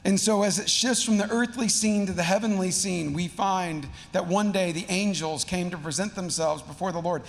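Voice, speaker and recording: A male pastor with a high, gravelly voice, preaching in a relaxed and slangy manner. His words ring out with a long church reverb. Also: moderate pace, hardly any pauses. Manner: casual, slangy, conversational. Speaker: teaching pastor. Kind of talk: sermon. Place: church sanctuary.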